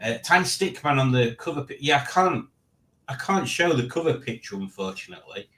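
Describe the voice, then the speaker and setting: Rambling self-mocking man with animated pitch. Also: a little fast. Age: 40s. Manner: rambling, self-mocking, reads chat aloud. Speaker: live stream host. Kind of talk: casual live stream chat.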